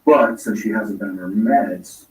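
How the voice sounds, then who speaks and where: A man's voice: on the low side, measured pace, darkish tone, a little hiss or hum. A man telling a long personal story in casual talk, rambling and acting out the lines he quotes. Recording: roomy echo, distant from mic.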